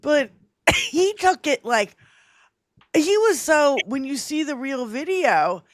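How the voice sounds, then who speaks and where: A woman's voice: high-pitched, sing-song, takes it slowly, no echo, studio quality. A woman co-hosting a political livestream in casual chat, swearing freely, laughing often and reading out viewer comments. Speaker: livestream co-host.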